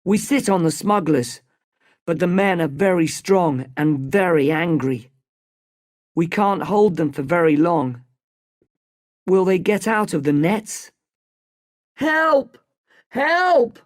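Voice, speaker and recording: Slow, even storybook narrator. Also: medium pitch, no echo, clean studio sound. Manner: slow, clear, evenly paced.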